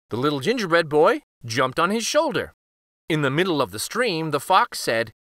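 A man hosting a children's read-aloud, narrating a picture book in an expressive storytelling manner. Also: a little high, moderate pace, no echo, studio quality. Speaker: children's book reader, host.

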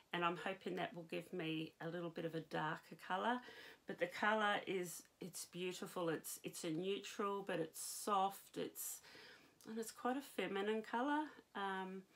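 A woman's voice: on the low side, creaky, fairly bright tone. A woman with a New Zealand accent hosting a knitting podcast, chatting casually to camera with many ums and restarts.

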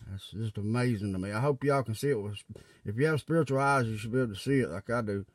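A man's voice: mid-range voice, quick pace, no room sound. A man talking casually and earnestly to his viewers, rambling, repeating himself and urging them to get right with God. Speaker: religious video maker. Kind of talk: casual religious video talk. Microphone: tablet mic.

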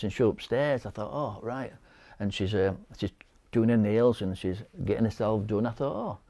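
A middle-aged man with a Yorkshire accent speaks in a low, dark voice. He tells his story haltingly, stumbling over and repeating words, and acts out the conversations he recounts. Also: gravelly. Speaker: interviewee, bereaved husband. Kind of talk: personal testimony.

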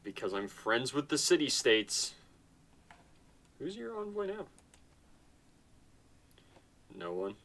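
Unhurried and sharp-toned, his mid-range voice swings widely in pitch. This gaming channel host yawns his way through casual commentary on his strategy game, chatty and offhand, mostly addressing himself in a tired way.

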